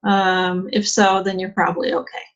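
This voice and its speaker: A woman's voice: mid-range voice, completely flat delivery, moderate pace. A woman teacher giving a chatty English exam lesson, asking rhetorical questions and using plenty of fillers. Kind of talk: online lesson. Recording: dull lo-fi sound.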